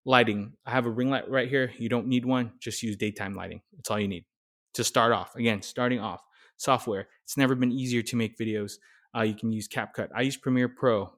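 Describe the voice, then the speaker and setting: A young man talks through practical steps for starting content creation, speaking with a direct, coaching energy. His voice sits at an ordinary middle pitch, and the delivery stays casual and conversational. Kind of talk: casual how-to talk.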